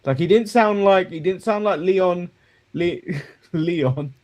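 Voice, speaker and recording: A man's voice: high-pitched, slow, darkish tone. A man co-hosting a casual wrestling review chat, rambling and joking, chuckling at his own remarks. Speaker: co-host.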